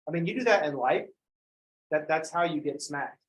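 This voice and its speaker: A man giving a math lecture, joking with sarcastic asides and acting out students in quick voices. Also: fairly high pitch, slight background noise, rough recording. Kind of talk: recorded classroom lecture.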